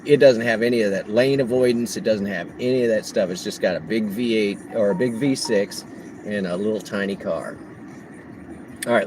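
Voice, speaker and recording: A man's voice: on the low side, background noise. Chatty man telling a road story. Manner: animated storyteller, acts out quotes, laughs often. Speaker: delivery driver vlogger. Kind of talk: casual storytelling livestream.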